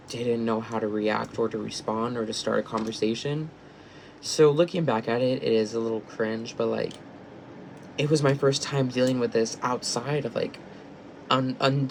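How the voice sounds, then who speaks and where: A young man tells a story to the camera in a loose, rambling way, stumbling and restarting his sentences. His voice has a gravelly, creaky edge at a middle pitch. A faint hiss of noise sits under the recording. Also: low-quality recording. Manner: rambling, many fillers and restarts. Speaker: vlogger. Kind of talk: casual storytime.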